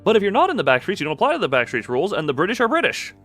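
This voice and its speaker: A lively male streamer who jokes with chat and reads the game's lines aloud. His pitch swoops widely as he talks. Faint game music plays under his voice. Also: rapid-fire. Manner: jokey and animated, trying out voices. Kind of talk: live game stream commentary and reading subtitles aloud.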